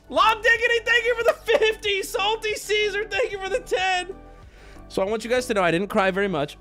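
A man livestreaming from his home setup, telling his chat a story in an animated, profane, self-mocking rant. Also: extremely high pitch.

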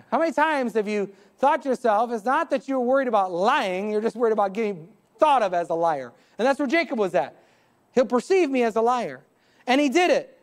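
A man's voice: very high voice, animated, moderate pace. A man, the pastor, preaching a live church sermon, building emphasis and retelling scripture scenes in quoted voices. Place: church sanctuary.

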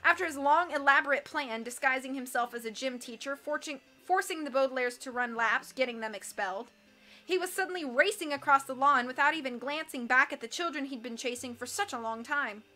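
Bright, high-voiced woman reading aloud. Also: brisk, soft background music. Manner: expressive, animated, acts out characters. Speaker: reader.

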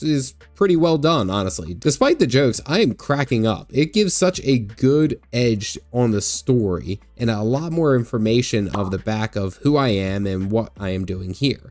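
A man's voice: fairly low pitch, a little mellow, no echo. A man giving a joking, wisecracking voice-over commentary on a game he is playing, recorded close on a studio mic. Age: young adult to middle-aged. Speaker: gaming YouTuber.

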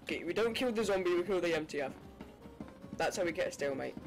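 An excitable British man chatting through a game stream, laughing and swearing freely. His voice swings up and down a lot, with faint game music in the background. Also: sits high, quick pace. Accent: British English. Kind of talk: casual gaming livestream chat.

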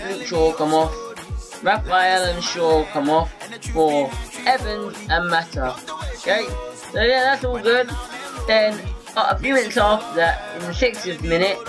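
A male football vlogger giving a casual, rambling match review to camera, excitable and often repeating himself. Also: high-pitched, low-quality recording.

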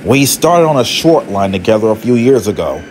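Guy doing a gruff grumbly engine, lower and quieter, storybook voice. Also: very animated, moderate pace, background noise. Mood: sullen. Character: sullen resentful male engine.

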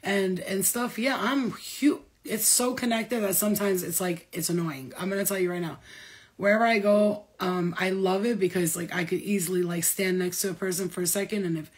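Husky, rambling, foul-mouthed woman medium. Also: medium pitch, moderate pace. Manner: rambling, profane, excitable. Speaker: spiritual medium. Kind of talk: casual spiritual vlog.

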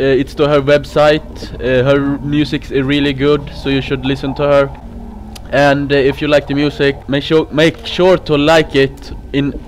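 Panicky high-voiced young man screaming. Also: slight background noise. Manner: panicky, swears and screams often. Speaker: gaming YouTuber. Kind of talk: horror game playthrough commentary.

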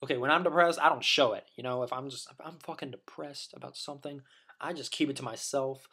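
A man's voice: mid-range voice, fast, bright, forceful tone, husky. A man delivering a rambling, profane opinion rant as a vlogger, full of restarts and blunt insults.

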